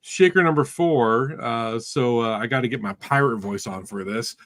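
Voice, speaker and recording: Bright-voiced man co-hosting a comic show. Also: mid-range voice, moderate pace, no room sound. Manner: reads segments with playful alliteration. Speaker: co-host. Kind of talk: casual chat about comics.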